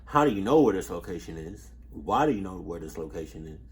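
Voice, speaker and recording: Lowish guy rambling through a reaction vid, swears a lot, keeps cutting himself off. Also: very animated, fast. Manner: rambling, swears and laughs, self-interrupting. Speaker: reaction video host. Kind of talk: casual reaction commentary.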